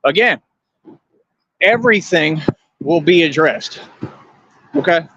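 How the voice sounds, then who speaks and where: A man's voice: a little high, expressive, slow, pushed and bright, muffled recording, slight background noise. A man hosting a livestream, lecturing his viewers in a confrontational, repetitive rant. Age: adult. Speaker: livestream host.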